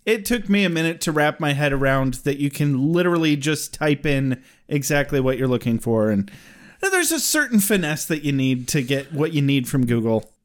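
A man's voice: on the high side, big pitch swings, normal speed. A man co-hosting a podcast, chatting casually and joking, laughing often. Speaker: podcast co-host. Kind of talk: casual chat.

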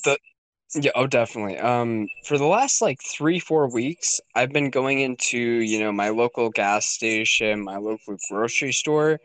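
Male guest, sharp forceful tone, intense defiant swearer. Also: medium pitch, normal speed, dry recording, rough recording. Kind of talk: heated casual chat.

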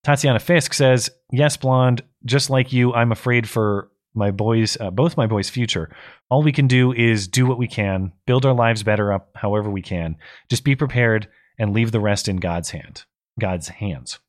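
This co-host of a casual talk show has a lowish voice at normal speed, sounding tired and worn out. He reads viewer messages aloud and comments on them, stumbling and starting over as he thinks out loud.

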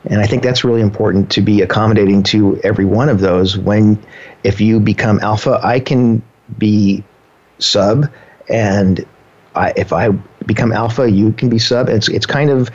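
Husky, low-voiced man, lo-fi. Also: a little mellow. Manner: earnest, measured storyteller with fillers. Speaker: partner in a couple being interviewed. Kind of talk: casual conversation. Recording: dull lo-fi sound.

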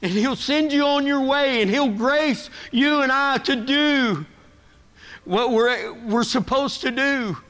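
A man's voice: extremely high pitch, takes it slowly, a bit bright. A middle-aged man preaching a sermon in a church, earnest and emotional, rising and pressing as he is stirred. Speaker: guest preacher. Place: church sanctuary.

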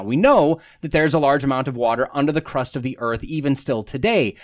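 A man hosting a solo podcast, talking through articles and reading quotes aloud with wry, sarcastic asides. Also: mid-range voice. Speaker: podcast host.

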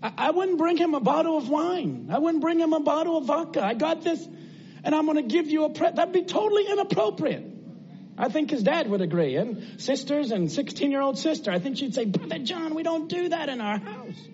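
High-voiced man preaching a sermon. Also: expressive, a little fast, a little mellow, lo-fi sound, slight background noise. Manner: earnest, conversational preaching with rhetorical questions.

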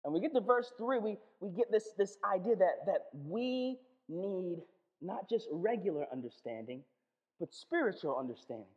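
A pastor preaching a sermon, animated, acting out little back-and-forth dialogues and often restarting phrases. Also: medium pitch, normal speed. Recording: echoey hall, dull lo-fi sound.

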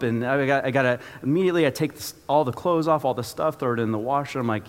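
Pastor preaching in a reverberant hall. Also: male voice, mid-range voice, fast. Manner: storytelling, animated with acted-out asides. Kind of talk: sermon.

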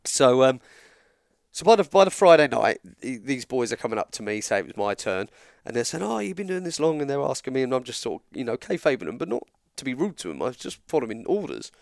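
Animated English man telling a story. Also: medium pitch, fast, creaky, no echo, studio quality. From England. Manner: animated, acts out dialogue in quotes. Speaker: guest storyteller. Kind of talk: casual storytelling chat.

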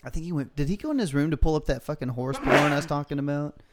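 A man's voice: a little high, very fast, very noisy. A man hosting a podcast in casual, crude, enthusiastic chat, swearing often. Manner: profane, laughing, enthusiastic. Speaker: podcast host.

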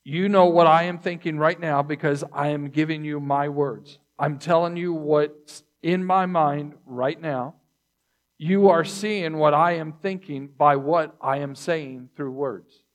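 Pastor, male, measured sermon delivery; unhurried pace, voice on the higher side. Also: fairly even intonation. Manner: slow, deliberate teaching with repeated phrases; throat clearing between points.

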